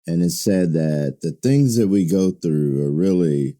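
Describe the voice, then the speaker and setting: A man's voice: low voice, expressive, unhurried, mellow, dry recording, clean studio sound. An older man hosting a podcast, talking in a rambling, chuckling, fatherly way. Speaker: podcast host. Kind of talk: casual podcast chat.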